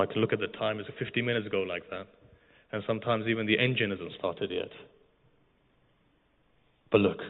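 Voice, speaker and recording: A male preacher giving a mourning sermon, speaking directly to the congregation and guiding them through an imagined scene. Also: on the low side. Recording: tinny, phone-like sound with long hall reverb.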